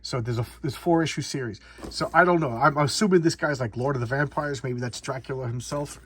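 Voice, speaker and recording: A man's voice: medium pitch, a little fast, a bit bright, husky. A man doing a casual comic book showcase, rambling and often repeating and restarting words.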